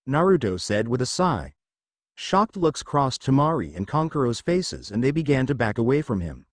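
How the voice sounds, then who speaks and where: A man narrating a fan fiction story in an animated storytelling manner. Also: mid-range voice, normal speed, no room sound.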